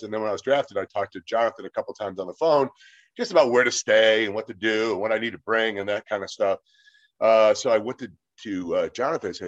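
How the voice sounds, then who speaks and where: Man, fifties, low voice, rambling anecdotes, filler words, a bit muffled. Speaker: interview guest. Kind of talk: casual storytelling. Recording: slightly dull lo-fi sound.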